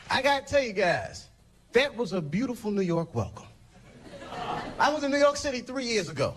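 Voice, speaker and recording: A man's voice: extremely high pitch, sing-song, moderate pace, pauses often, background noise. A man performing a stand-up routine on a comedy stage, telling stories animatedly and jumping into character voices. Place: comedy stage before a live audience.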